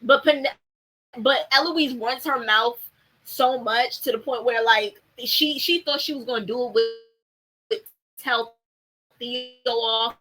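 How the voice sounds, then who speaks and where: A woman's voice: on the high side, slow pace, long pauses, sharp tone, low-quality recording. A young woman chatting casually about a TV show, blunt and full of fillers and swearing. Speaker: TV show commentator. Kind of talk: casual chat.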